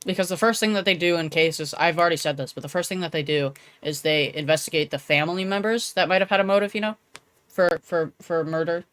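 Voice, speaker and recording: A woman's voice: lowish voice, fast, fairly bright tone, smooth, dry recording. Rambling young woman streamer. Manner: rambling, trails off with "like". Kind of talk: casual let's-play commentary.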